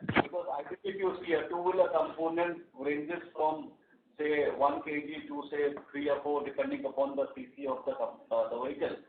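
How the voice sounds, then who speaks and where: A man, a company executive answering analysts on an earnings conference call in a measured, halting way. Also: a little high, steady tone. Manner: measured, fillers and restarts, business jargon. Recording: echoey phone-line conference call.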